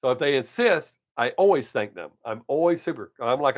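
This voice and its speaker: A man's voice: mid-range voice, expressive, quick pace. A middle-aged man hosting his live stream, telling everyday stories in a casual, blunt way with swearing and frequent chuckles. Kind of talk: casual storytelling chat.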